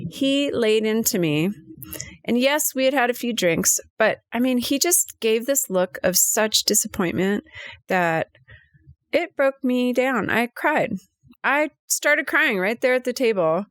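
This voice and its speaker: A woman's voice: medium pitch, no echo, studio quality. A woman co-hosting a podcast, telling a personal story in casual, chatty conversation. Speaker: podcast co-host. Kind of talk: casual chat.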